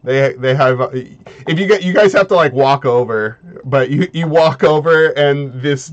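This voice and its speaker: A man narrating as game master of a tabletop game, talking in halting bits with many fillers and restarts. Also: mid-range voice, lo-fi sound.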